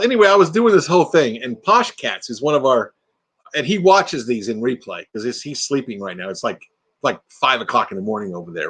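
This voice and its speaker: A man's voice: mid-range voice, sing-song, fairly quick, a bit bright, slightly rough. A retired man in his sixties hosting a casual late-night live stream from inside an RV, sleepy and playful, rambling and slipping into silly put-on voices.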